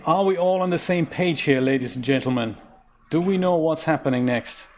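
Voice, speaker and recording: A man's voice: fairly high pitch, normal speed. A man from Germany giving casual let's-play commentary on a puzzle game, chatty and self-mocking, with rambling asides. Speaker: game streamer.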